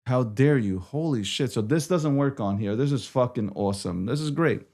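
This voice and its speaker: A man's voice: mid-range voice, lively intonation, normal speed, darkish tone. A man hosting a live stream, frustrated and swearing, repeating himself as he struggles with his setup. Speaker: livestream host.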